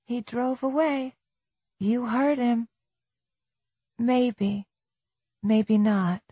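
A terrified woman hiding in the dark, talking herself down in a hushed, shaky, drawn-out murmur, as a woman narrator puts her on. The voice sits higher than the narrator's own and drops soft and slow. The audiobook sound is dry and a little dull. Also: slightly rough, dry recording, full character voice. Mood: frightened, hushed.

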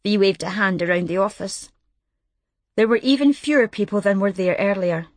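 An audiobook narrator reads from a novel in an even, measured voice of medium pitch. It's scripted narration with no room sound at all.

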